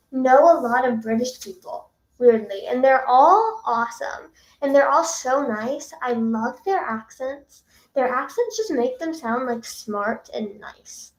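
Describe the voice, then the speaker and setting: A woman's voice: sits high, unhurried. A young woman, a singer, chatting casually with viewers on a livestream in a bubbly, chatty way. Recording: echoey room.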